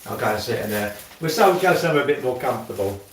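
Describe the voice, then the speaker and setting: A man's voice: mid-range voice, expressive, fast talker, vocal fry, slight background noise. Male streamer, rambly chatter, distant phone mic in an echoey kitchen. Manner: rambling, muttering to himself while doing chores. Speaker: livestreamer. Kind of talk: casual live-stream chat. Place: home kitchen. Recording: echoey room, mic set far off.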